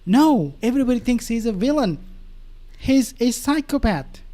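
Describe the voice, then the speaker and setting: Animated, mocking male commentator. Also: very high-pitched, normal speed. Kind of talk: political commentary.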